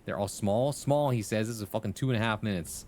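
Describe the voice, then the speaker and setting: A man's voice: lowish voice, fast, darkish tone. A man streaming live, chatting casually with viewers, swearing and joking and laughing often. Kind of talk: casual live-stream chat and improvised storytelling.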